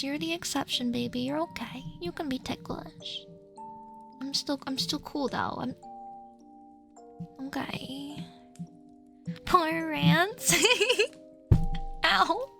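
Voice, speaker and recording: A high-pitched woman chats through a live Q&A stream, playful and quick to giggle. Her tone stays light and teasing. A little music hums faintly behind her. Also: bright, forceful tone. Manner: giggly and playful, laughs often. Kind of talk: casual livestream Q&A chat.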